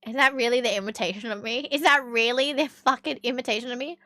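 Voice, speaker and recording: High-voiced, sweary Australian streamer woman. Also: quick pace, sharp tone, no room sound. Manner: swears freely, chatty, laughs often. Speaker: live streamer. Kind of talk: casual live-stream chat.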